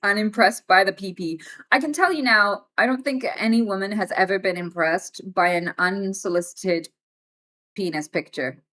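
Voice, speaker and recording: Blunt, bright-voiced woman streamer. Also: medium pitch, moderate pace. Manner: blunt, exasperated, frank. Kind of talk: casual livestream chat.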